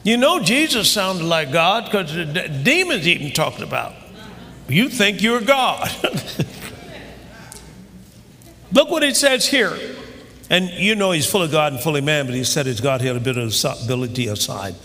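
A fervent male preacher with a high, bright voice that swings widely in pitch. He builds from measured scripture reading to shouted crescendos. The sound carries a long reverb, like a large hall. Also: sing-song. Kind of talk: sermon.

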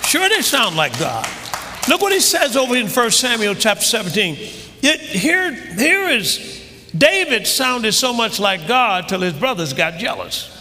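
A man preaching a sermon with fervor, reading scripture and building up to shouted, rising climaxes. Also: extremely high pitch, very animated, unhurried, a little hiss or hum. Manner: fervent, building to shouting crescendos. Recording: long hall reverb.

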